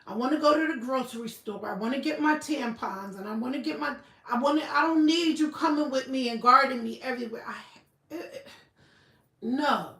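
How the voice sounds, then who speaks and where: Blunt high-voiced woman livestreaming. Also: fairly quick, a bit bright. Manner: blunt, profane, emphatic. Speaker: livestream host. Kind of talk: casual livestream chat. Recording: roomy echo, slightly far from mic.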